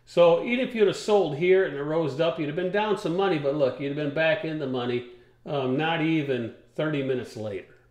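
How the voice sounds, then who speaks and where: A man's voice: on the high side, brisk, darkish tone, reverberant. A man hosting a trucking talk show, rambling in a folksy way and walking listeners through charts step by step. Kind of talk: casual radio talk show chat.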